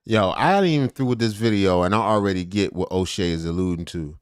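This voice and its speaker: A man's voice: low-pitched, fast talker, smooth, no room sound. A man hosting a reaction video, giving casual, rambling commentary with jokey asides.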